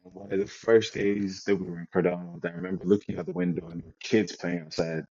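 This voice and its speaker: A young man from Nigeria, a football player, telling his story in a relaxed interview chat with many restarts. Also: low voice, fast talker, no room sound. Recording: dull lo-fi sound.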